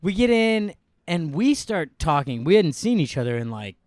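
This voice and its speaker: A man's voice: fairly high pitch, moderate pace, no room sound, clean studio sound. A man from New York co-hosting a podcast, telling stories in a casual chat and acting out the other people's lines. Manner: animated storytelling, acts out quotes. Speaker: podcast co-host.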